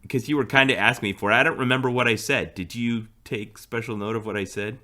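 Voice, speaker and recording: A man's voice: medium pitch, steady tone, quick pace, sharp tone. A man co-hosting a podcast, telling a story in casual chat and laughing often. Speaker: podcast co-host.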